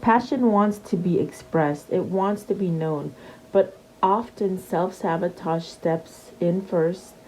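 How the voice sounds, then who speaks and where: A woman's voice: fairly low pitch, slow pace, darkish tone, low-quality recording. A woman giving a casual tarot reading, chatty and repeating her questions to the cards, with many fillers and restarts. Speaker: tarot reader.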